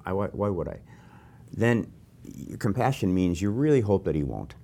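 An older man hosting a conversation, telling animated, self-deprecating anecdotes. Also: sits low, moderate pace, gravelly. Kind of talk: conversational interview.

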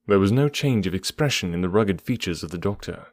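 A man narrating an audiobook chapter in a steady, even storytelling manner. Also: low voice, brisk, few pauses, dry recording, studio quality. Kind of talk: scripted narration.

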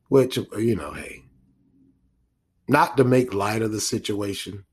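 A man's voice: lowish voice, animated, moderate pace, husky. Rambling man commenting on news. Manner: rambling, with many restarts, asides and chuckles. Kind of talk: casual news commentary monologue.

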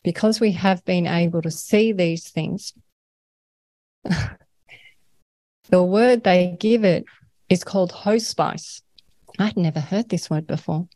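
A woman's voice: fairly low pitch, slow, pauses often, dark tone, dry recording. An Australian woman, a guest in an interview, talking earnestly and at length about her experiences, often laughing between thoughts. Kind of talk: conversational interview.

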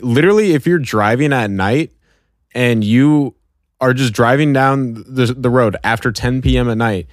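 A man's voice: medium pitch, moderate pace, no room sound, clean studio sound. A young man in casual podcast chat, laid-back and profane, drawing out his reactions.

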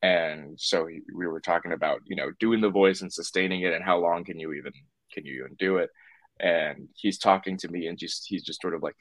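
A man's voice: low voice, brisk, no room sound. A man talking as a puppeteer guest in a casual interview, rambling with lots of fillers and restarts.

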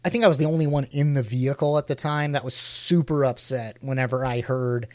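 A man co-hosting a casual chat, laughing often and telling stories with animated energy. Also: mid-range voice, brisk, no room sound. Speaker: podcast co-host.

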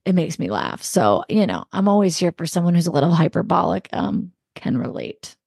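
A woman's voice: on the low side, very animated, fairly quick, vocal fry, darkish tone, breathy edge, dry recording, clean studio sound. A woman co-hosting a casual podcast chat, talking in a reflective, chatty way with trailing fillers. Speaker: podcast co-host.

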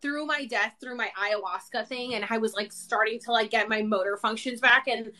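A woman's voice: fairly high pitch, moderate pace, bright, forceful tone. A woman hosting a podcast, telling stories animatedly and acting out her own voices. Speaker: podcast host. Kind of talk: casual chat.

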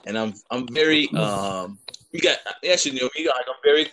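A man's voice: mid-range voice, lively intonation, brisk, bright, forceful tone. Joking, rambling man with faint hiss. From Mexican-American from the Lake Michigan area. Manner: joking, rambling, laughs often. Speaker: podcast co-host. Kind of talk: casual chat.

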